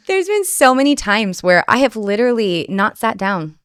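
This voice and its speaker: A woman's voice: on the high side, big pitch swings, normal speed, dry recording. Chatty mother guest on a dry close mic. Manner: warm, chatty, laughs often. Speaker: podcast guest. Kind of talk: casual conversation.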